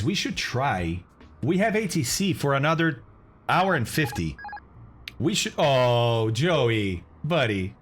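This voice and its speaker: A man with a slightly husky, breathy voice talks loosely to viewers on a live stream, his pitch bouncing up and down as he chats. He thanks people by name, groans, and exclaims freely between casual remarks. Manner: chatty, thanks viewers and reacts aloud to chat; groaning and exclaiming over bad-tasting candy. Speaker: flight simulator streamer.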